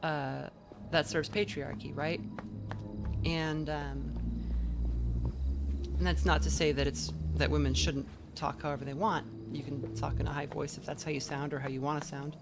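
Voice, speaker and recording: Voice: medium pitch, flat delivery, moderate pace. A game streamer in casual let's play commentary, rambling with many fillers and restarts while speaking into a desk mic. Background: game music.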